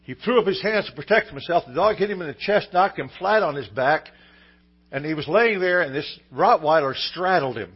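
A man's voice: a little high, lively intonation, moderate pace, husky, highs cut off. A man preaching a sermon, telling a story in an easygoing way, with fillers and restarts. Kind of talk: sermon with a told joke story.

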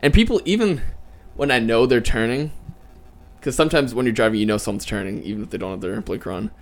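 This young man hosts a loose podcast with his friends. He rambles through everyday stories, laughs often and lets his voice rise when he gets worked up. His pitch sits in the middle of the range for a man. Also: lively intonation, quick pace. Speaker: podcast host. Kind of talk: casual podcast chat.

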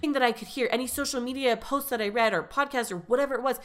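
A woman's voice: on the high side, very fast, fairly bright tone. A woman in her thirties hosting a podcast, telling a personal story in a candid, chatty way that often breaks off mid-thought. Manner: candid, chatty, self-interrupting. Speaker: podcast host.

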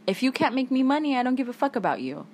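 A woman's voice: high voice, sing-song, fast, a little mellow, slight background noise. A woman hosting a solo podcast, talking angrily with heavy swearing, tired. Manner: angry, heavy swearing, emphatic. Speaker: podcast host.

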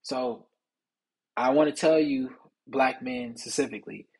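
A young man hosting a solo podcast, talking casually and preachily about men's mental health in streetwise slang, with a husky voice. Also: medium pitch, fairly even intonation, measured pace, a little mellow, low-quality recording. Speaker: podcast host.

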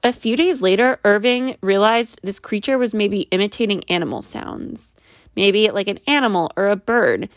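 A woman's voice: mid-range voice, lively intonation, normal speed, dry recording, studio quality. Wry, skeptical woman storyteller. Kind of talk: casual true-mystery storytelling.

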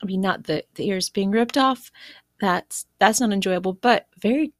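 Casual female listener; halting, stumbling speech in a dry, close room. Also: medium pitch, no room sound. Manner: halting, repeats words. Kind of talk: casual chat.

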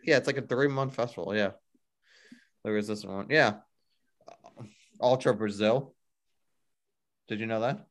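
A man's voice: fairly low pitch, measured pace, long pauses. A man co-hosting a casual music news chat, rambling and filling with "like" a lot. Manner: rambling, heavy use of "like". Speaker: podcast co-host.

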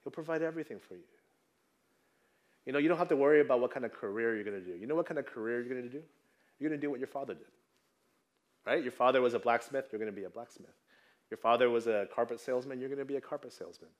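A man's voice: medium pitch, very fast, pauses often. A man in his thirties preaching a sermon in a conversational way, often checking in with the congregation. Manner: conversational, tags lines with "right?". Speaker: pastor.

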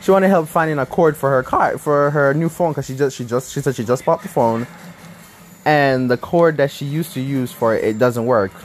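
A young man casually telling a story to his viewers, animated, laughing often and restarting his sentences. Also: mid-range voice, normal speed, a little hiss or hum. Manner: animated, laughing, self-correcting. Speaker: vlogger.

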